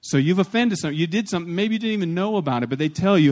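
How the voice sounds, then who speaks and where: A man preaching a sermon in a fairly high voice. He swings between loud, emphatic lines and soft asides. He talks plainly and bluntly and gets the congregation to repeat phrases after him. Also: expressive, rapid-fire. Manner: plain-spoken, with blunt humor. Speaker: pastor.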